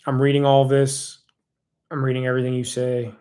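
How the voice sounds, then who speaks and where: A man's voice: mid-range voice, monotone, fairly quick, warm tone. A man hosting a livestream in casual chat, reading viewer comments aloud and thanking people by name. He rambles in a heartfelt way and often loses his place. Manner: loses his train of thought, restarts sentences. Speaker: livestream host.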